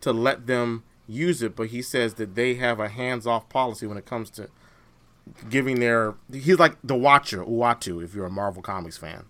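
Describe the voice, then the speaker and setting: Male podcast co-host, casual and halting, bright tone. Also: mid-range voice. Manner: hesitant, many fillers and restarts. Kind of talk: casual chat.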